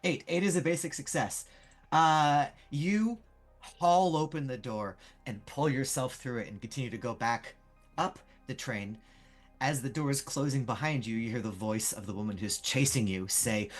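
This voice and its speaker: A game master narrates scenes and calls for dice rolls in a loose, conversational way. The voice sits at a middling pitch and drifts through fillers and casual swearing. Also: normal speed, soft background music.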